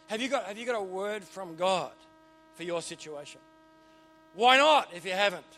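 A middle-aged Australian man preaching a sermon in a church, animated and joking with punchy repeated phrases. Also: high voice, normal speed. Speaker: pastor.

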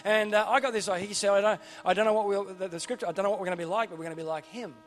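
High-voiced chatty man preaching. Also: fairly even intonation, racing. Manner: enthusiastic and chatty, with frequent restarts and asides. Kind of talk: informal sermon. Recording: long reverb with faint music behind.

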